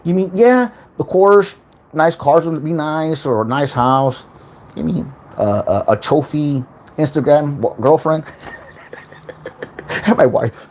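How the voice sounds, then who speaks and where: Rambling, lively-voiced man on a livestream. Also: fairly high pitch, a little slow, a little hiss or hum. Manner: rambling, repeats words, swears freely, animated. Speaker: spiritual self-help livestream host. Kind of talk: casual livestream monologue.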